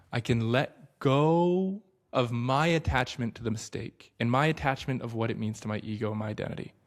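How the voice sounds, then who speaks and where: A man in his thirties hosting a book study, speaking in an earnest, reflective way and slowing down to stress key points. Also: mid-range voice. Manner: casual fillers and restarts. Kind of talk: reflective spoken talk.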